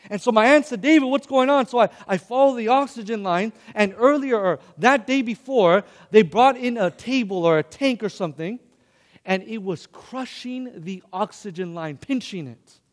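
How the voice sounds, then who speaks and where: A man's voice: high-pitched, animated, moderate pace, big-room sound. A male preacher telling a personal story in an emotional sermon, addressing the congregation.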